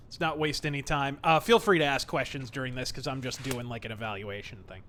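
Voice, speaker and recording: A man streaming a baseball game, talking sarcastically and swearing, with sudden shouts. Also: medium pitch, steady tone, a little fast, hardly any pauses, a little hiss or hum. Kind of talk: profane live gameplay commentary.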